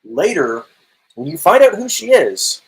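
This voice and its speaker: A man's voice: high voice, unhurried, breathy edge, poor audio. A man co-hosting a casual podcast about video games, telling stories and acting out quoted lines. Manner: animated storytelling, acts out quotes. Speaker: podcast co-host.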